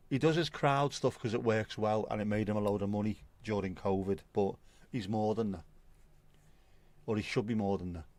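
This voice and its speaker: This livestream host, a middle-aged man, has a lowish, slightly mellow voice captured in a dry recording. He laughs and swears often as he casually chats and reads comments from viewers.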